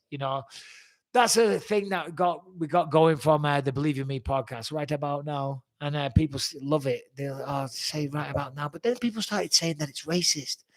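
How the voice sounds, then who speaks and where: A man in his forties, answering fan questions in a blunt, rambling way and swearing freely. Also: fairly high pitch. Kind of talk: casual fan Q&A.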